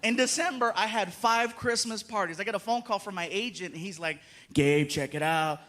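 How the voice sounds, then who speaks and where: Animated high-voiced male comedian. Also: a little fast. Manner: animated storytelling, acting out voices and laughing. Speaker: stand-up comedian. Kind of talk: stand-up comedy routine.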